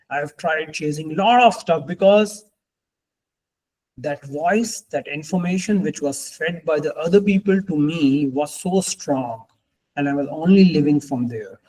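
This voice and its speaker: A man's voice: a little high, a little mellow, rough recording. Earnest man coaching a group. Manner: reflective, earnest, repeats phrases for emphasis. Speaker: life coach. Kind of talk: group coaching call talk.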